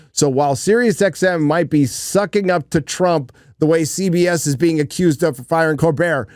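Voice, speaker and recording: A man's voice: fairly high pitch, a little mellow, no echo, clean studio sound. A man hosting a livestream, giving blunt, rambling commentary and swearing casually. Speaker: livestream host.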